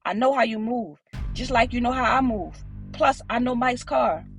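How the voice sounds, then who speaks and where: A woman's voice: a little high, normal speed, soft background music, voice pushed up, lightly acted. A woman voicing a hot-headed young man with cocky, taunting street talk.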